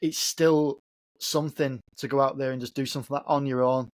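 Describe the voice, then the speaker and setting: A man's voice: mid-range voice, steady tone, a little fast, no room sound, studio quality. A man co-hosting a podcast in casual chat, reflecting on travel and asking his partner follow-up questions. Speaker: podcast co-host.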